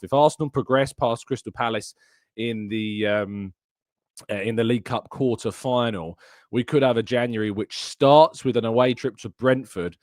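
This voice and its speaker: A man hosts a casual live football stream, talking in a chatty way and reading viewers' comments aloud. His voice sits in an ordinary middle range. The sound is close and dry, with no room echo. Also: mid-range voice. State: out of breath. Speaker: host. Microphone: headset.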